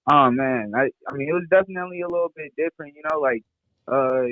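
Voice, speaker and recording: A man's voice: fairly high pitch, fast talker, no echo. Chill kc rapper dude in his 20s, rambly, tinny phone sound. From Kansas City, Missouri. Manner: laid-back, rambling, lots of fillers and laughs. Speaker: rapper guest. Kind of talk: casual interview chat.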